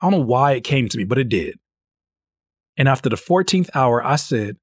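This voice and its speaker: Male podcast host, 30s, casual storyteller, pitch swings up a lot when he quotes himself, slightly high voice. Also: sing-song, a little fast, a bit bright, no echo, studio quality. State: sleep-deprived. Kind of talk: casual solo podcast monologue.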